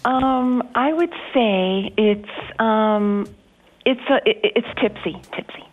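A woman's voice: fairly high pitch, takes it slowly, phone-quality sound. Woman guest in her 30s, unsure, lots of ums. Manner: hesitant, with many ums. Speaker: guest contestant.

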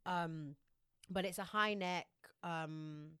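A woman's voice: lowish voice, slow, a bit bright, clear, resonant tone, no room sound, clean studio sound. A woman co-hosting a casual fashion podcast, chatty and giggly, describing outfits with lots of fillers. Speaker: podcast co-host. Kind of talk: casual chat about red-carpet fashion.

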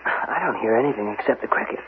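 An actor playing a wary husband on a weekend stay in a 1970s radio drama, dry and skeptical at first and then grave. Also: male voice, medium pitch, quick pace, noisy background, natural voice. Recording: narrow-band old radio broadcast.

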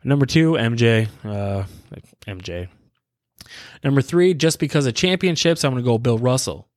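A man hosting a casual solo podcast, rambling in a laid-back way and chuckling often while high. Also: animated, moderate pace, a little mellow, dry recording, studio quality. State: high on cannabis. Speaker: podcast host. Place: his own room.

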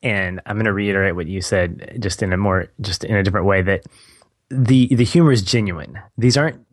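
Low-voiced man telling movie anecdotes. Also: a little fast, dry recording, clean studio sound. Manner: enthusiastic storyteller, laughs mid-sentence. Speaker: podcast co-host. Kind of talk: casual movie discussion.

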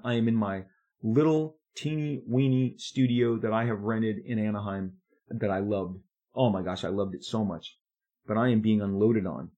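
A middle-aged man, a comic book artist, recounting his career in an animated, confiding monologue with frequent restarts. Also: on the low side, slightly rough. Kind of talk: storytelling monologue.

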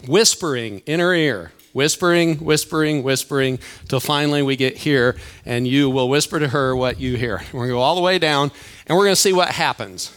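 A man's voice: medium pitch, brisk, fairly bright tone, smooth. An older man, a church elder and grandfather, playfully talking to a church crowd and calling up kids for a game before his sermon. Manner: playful, chatty, addresses the crowd directly. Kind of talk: sermon opener with audience interaction. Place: church auditorium.

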